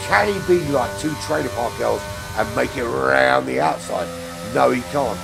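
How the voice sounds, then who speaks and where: A man's voice: mid-range voice, vocal fry. A man doing chatty commentary on an online sim race, with many fillers. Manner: chatty, fillers, rises to excited calls on overtakes. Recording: music bed under the voice.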